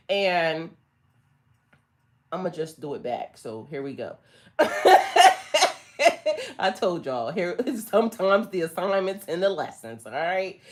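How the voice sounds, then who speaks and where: A woman talks straight to her viewers during a spiritual reading. She is blunt and sassy, swears freely and hammers her points home with emphasis. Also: medium pitch. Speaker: spiritual tarot reader. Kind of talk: casual livestream reading.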